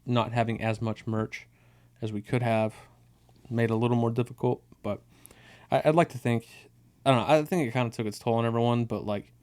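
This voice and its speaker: A man's voice: medium pitch, steady tone, a little fast, a little mellow. A young man co-hosting a podcast in casual chat, laid-back and rambling, swearing freely as he recounts things. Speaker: podcast co-host.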